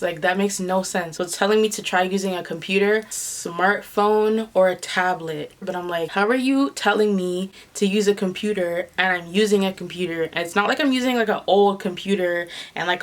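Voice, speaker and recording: A young woman from Toronto telling a storytime vlog in an exasperated, animated way, full of slang. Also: on the low side. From Toronto, Canada. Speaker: vlogger.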